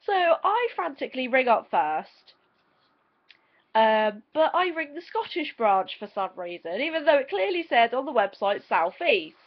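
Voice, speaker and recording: A teenage girl with an English accent tells a story in a casual vlog, her slightly high voice sing-song and measured as she chats, giggles, and retells events dramatically. The audio sounds dull and lo-fi, like home video.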